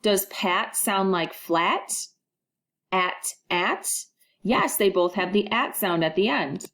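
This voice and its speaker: A woman teaching a recorded first-grade phonics lesson, modeling sounds clearly and prompting children to repeat after her. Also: medium pitch, slow pace, a bit bright.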